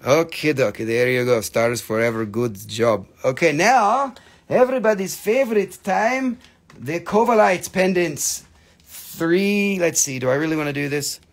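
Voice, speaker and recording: A man running a live sales stream, joking, swearing and excitable, while he is losing his voice. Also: a little high, a little slow.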